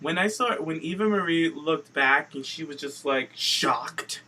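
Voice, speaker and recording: A man co-hosts a chat show in a fairly high, bright, forceful voice. He talks in a lively, profane way and acts out other people's lines as he goes. The feel is loose casual chat. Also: measured pace. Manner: animated, profane, acts out quotes. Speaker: podcast co-host.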